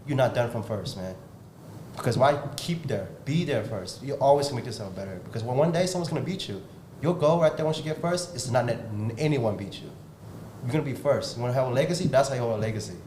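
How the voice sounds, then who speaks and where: A man's voice: lively intonation, fast, a little mellow. A man hosting a podcast, talking bluntly and intensely in a repetitive pep-talk way. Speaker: podcast host and martial arts coach. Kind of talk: casual motivational podcast talk. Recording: roomy with faint rumble.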